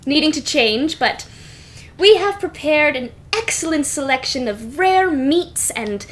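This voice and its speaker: A woman's voice: sits high, animated, a little slow. A woman voicing a jolly, slightly scatterbrained duke hosting a dinner. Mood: genial. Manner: genial and a bit scatterbrained. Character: jolly, giggly nobleman duke.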